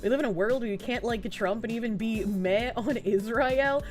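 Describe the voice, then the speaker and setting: A young adult woman live streaming and reading out chat in casual talk, swearing often and swinging between soft mumbling and loud outbursts. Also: on the high side, normal speed, faint music behind.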